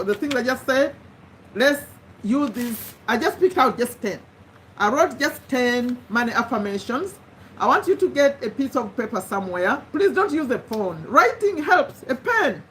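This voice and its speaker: Woman on a live stream, kinda high bright voice, encouraging, keeps restarting her sentences. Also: slight background noise. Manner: earnest and encouraging, repeats phrases with frequent restarts. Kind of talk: motivational live-stream talk.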